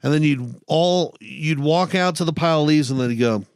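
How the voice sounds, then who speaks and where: A man's voice: on the high side, brisk, creaky, darkish tone, clear, resonant tone, dry recording, studio quality. A young man co-hosting a podcast, telling stories in casual chat, swearing freely and laughing as he goes. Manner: profane, storytelling with laughs. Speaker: podcast co-host.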